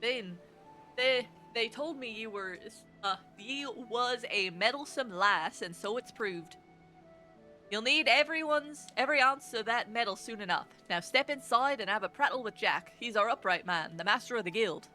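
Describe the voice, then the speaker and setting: A woman voicing a gruff male rogue guild lookout, reading game dialogue aloud in a rough put-on Scottish-style accent. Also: high voice, very animated, quick pace, few pauses, a bit bright, soft background music, voice pushed up. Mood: approving.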